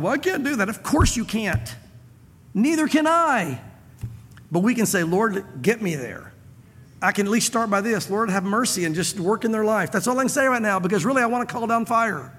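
A man's voice: sits high, fairly bright tone. A man preaching a sermon to a congregation, conversational, repeating phrases and acting out dialogue. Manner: conversational, repeats himself, acts out quoted dialogue. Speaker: pastor. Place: church hall with audience. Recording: reverberant church hall.

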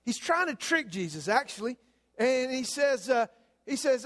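Man, Southern US accent, guest preacher, high-pitched, folksy, reverberant church. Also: very animated, moderate pace, fairly bright tone. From American South. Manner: folksy, filler-heavy, lots of "uh" and "man". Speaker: guest pastor. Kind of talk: sermon with humorous stories. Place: church sanctuary. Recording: long reverb of a church hall.

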